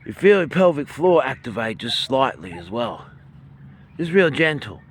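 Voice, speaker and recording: An Australian man leading a qigong and breathing lesson outdoors by a bay, filming on a handheld phone, calm and soft-spoken, his voice sometimes trailing off quietly. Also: mid-range voice, moderate pace, husky. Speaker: qigong and meditation instructor. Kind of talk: guided breathing instruction. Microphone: handheld phone, filming himself.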